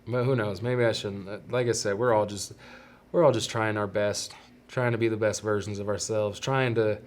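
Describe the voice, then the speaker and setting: A man hosting a solo podcast, talking earnestly and haltingly about fatherhood and fear of death, often restarting his sentences. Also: fairly low pitch. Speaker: podcast host. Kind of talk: reflective solo podcast monologue.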